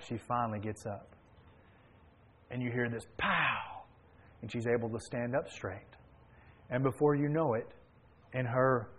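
A man preaching a sermon and retelling a story, swinging between hushed and emphatic delivery. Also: mid-range voice, poor audio.

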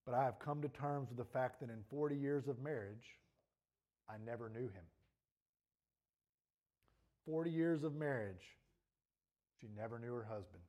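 A man's voice: mid-range voice, normal speed, pauses often, dark tone. A male pastor preaching a sermon earnestly, his voice rising and falling in intensity, with a troubled throat.

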